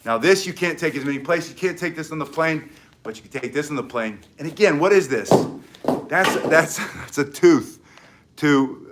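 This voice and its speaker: Energetic man teaching self-defense. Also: on the high side, moderate pace, heavy background noise. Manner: energetic, demonstrates moves while talking. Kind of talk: demonstration tutorial.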